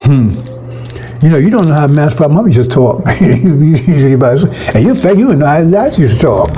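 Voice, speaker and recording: Gravelly husky-voiced man preaching bluntly. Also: fairly high pitch, mellow, rough recording. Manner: blunt, rambling, profane, chuckles often. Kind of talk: improvised online sermon. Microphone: computer microphone.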